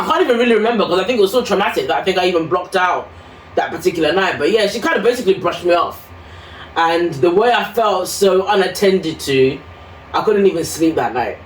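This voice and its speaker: A woman telling her own story casually and animatedly, acting out what others said to her. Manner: animated, acts out quotes in high voices. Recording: echoey room, mic at a distance, faint noise.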